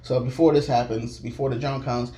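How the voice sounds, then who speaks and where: A man giving an excited, rambling and scattered casual recap, talking loosely and jumping around. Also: mid-range voice, fairly quick. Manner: loose, filler-heavy talk with restarts. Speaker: show recap vlogger.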